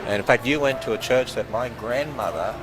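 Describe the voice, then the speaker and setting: A man's voice: medium pitch, fairly quick, low-quality recording. A man in his sixties with an Australian accent, giving a casual tour and chatting with visitors, joking and laughing often. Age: 60s. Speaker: ministry president giving a tour. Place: walking through a building and outdoors.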